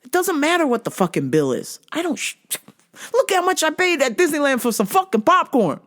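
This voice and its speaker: A woman's voice: high-pitched, big pitch swings, fairly quick, a bit bright. A woman hosting a show, telling stories in a casual monologue, blunt and full of profanity. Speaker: host.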